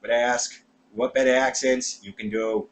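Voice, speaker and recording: A man's voice: mid-range voice, level tone, measured pace. A young man co-hosting a casual podcast chat, teasing his friend with dry banter. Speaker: podcast co-host.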